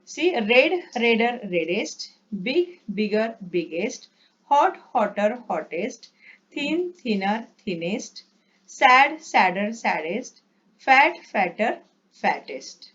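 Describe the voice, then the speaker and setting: Very animated, a bit bright, and husky, a woman's slightly high voice leads a slow, careful grammar lesson as an English teacher. She reads word lists one by one, repeats herself, and catches small slips with a quick "sorry," all on a dull, lo-fi recording.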